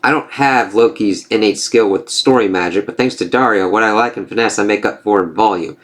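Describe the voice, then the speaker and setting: A man's voice: on the low side, fairly quick, lightly acted. A man reading the lines of a smug, gloating male corporate villain from a comic, taunting as he speaks.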